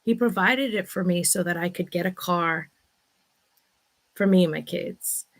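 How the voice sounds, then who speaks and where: A woman's voice: on the low side, a little slow. A woman in her thirties telling a personal story in a chatty, casual vlog, often exclaiming "oh my God.". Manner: chatty, breathless retelling with many "oh my God"s. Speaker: vlog host. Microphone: new microphone being tested.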